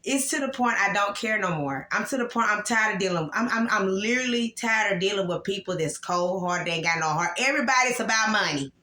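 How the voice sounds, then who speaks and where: Woman, 40s, angry vlog rant, bright tone, echoey room. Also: medium pitch, a little fast, hardly any pauses. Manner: emotional, repetitive, upset and angry. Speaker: vlogger. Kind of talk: casual vlog venting to viewers.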